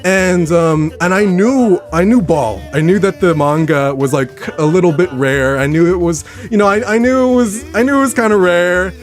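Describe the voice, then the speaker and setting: A young man live-streaming from his home room, rambling excitedly to his chat with a slightly worn voice. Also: high voice, moderate pace, few pauses, soft background music. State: voice getting worn.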